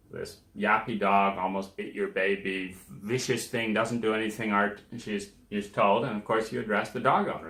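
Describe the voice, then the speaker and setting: A man's voice: lowish voice, sharp tone. Man musing in an echoey room. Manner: conversational, emphatic, acts out quoted people. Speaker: podcast host. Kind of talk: reflective self-help monologue.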